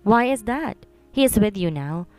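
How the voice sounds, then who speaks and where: A woman voicing a defiant young heiress who answers with sharp, snappish retorts. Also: medium pitch, lively intonation, moderate pace, clean tone, no echo, faint music behind, lightly acted.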